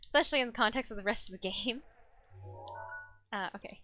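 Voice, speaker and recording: A woman's voice: fairly high pitch, fairly quick, sharp tone. A young woman streaming a game live, chatting playfully with her chat and laughing often. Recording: faint game music behind.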